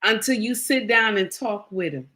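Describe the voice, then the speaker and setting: Middle-aged woman, bright voice, chatty storytelling to viewers, keeps repeating herself for emphasis. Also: medium pitch, normal speed. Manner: emphatic, repeats phrases, addresses viewers directly. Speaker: vlogger sharing a personal story.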